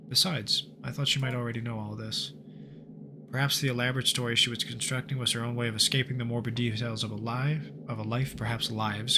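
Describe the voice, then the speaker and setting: A man streams a horror game, voicing its story text in a medium-pitched voice with game music and background noise behind him. He jokes around casually while playing, with the occasional swear.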